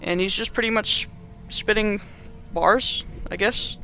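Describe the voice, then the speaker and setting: A man's voice: sits high, a little slow, creaky, pushed and bright, faint music behind. A young man giving a casual, rambling movie recap in slangy speech full of fillers. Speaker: video host.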